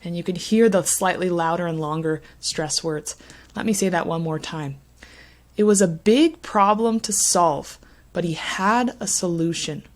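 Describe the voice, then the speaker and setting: A woman teaching an English pronunciation lesson, speaking clearly and deliberately, with strong emphasis on the words she models. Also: on the low side, darkish tone.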